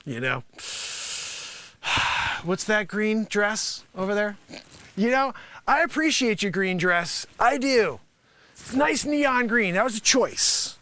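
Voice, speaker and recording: A man with a high, sharp, bright voice riffs a sarcastic comedy sales pitch live on stream, speaking slowly and pausing often. He rambles through fillers, veers wildly in pitch, and breaks into loud, animated outbursts.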